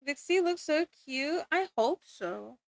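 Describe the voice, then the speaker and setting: A woman's voice: high-pitched, lively intonation, slow pace, creaky, dry recording. A young woman streamer chatting casually while drawing, rambling and giggling, with casual swearing.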